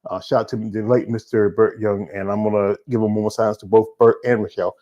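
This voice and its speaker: A man from the American South with a Southern accent, hosting a casual show and talking fast with lots of fillers and restarts. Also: lowish voice, little pitch movement, dark tone, lo-fi sound. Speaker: show host. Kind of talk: casual solo show wrap-up.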